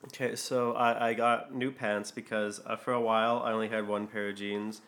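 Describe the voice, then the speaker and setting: A man chatting casually as a podcast co-host. He talks hesitantly, restarting sentences and trailing into ums. His humor is dry and low-key. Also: little pitch movement, normal speed, fairly bright tone. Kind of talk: casual chat.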